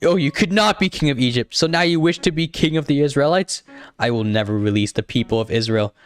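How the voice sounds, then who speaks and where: A man's voice: medium pitch, fairly quick, dry recording, voice pushed up, close to an everyday voice. A proud, cruel tyrant king who speaks in a pompous, commanding tone, raised a little above a plain voice, as a man puts him on for a dramatic reading. Faint music plays underneath. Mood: haughty.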